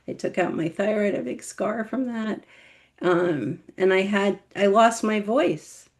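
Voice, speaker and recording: A middle-aged woman with one paralyzed vocal cord, a memoir author telling her life story in an interview, animated and laughing. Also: medium pitch, measured pace. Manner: animated, laughing, acts out quoted voices.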